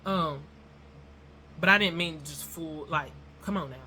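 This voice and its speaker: A woman's voice: low-pitched, unhurried, pushed and bright, a little hiss or hum. A woman telling a rambling story to her viewers in a casual vlog, chatty and addressing them as y'all. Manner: self-described nervous and non-confrontational. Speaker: YouTuber.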